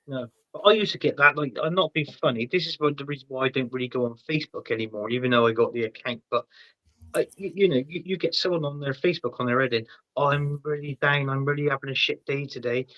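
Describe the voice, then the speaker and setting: A man's voice: medium pitch, fast talker, no room sound, lo-fi sound. A man with a Bristol accent, a guest in a casual chat, talking chattily and laughing often. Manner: chatty, laughs often, says bloody and mate.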